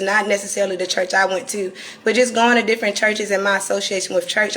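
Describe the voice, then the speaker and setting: A woman from North Carolina with a Southern accent and a raspy, croaky voice, talking candidly and deliberately to viewers on a live stream. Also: mid-range voice, fairly bright tone. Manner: reflective and candid, slowed deliberate delivery. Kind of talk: casual live-stream talk.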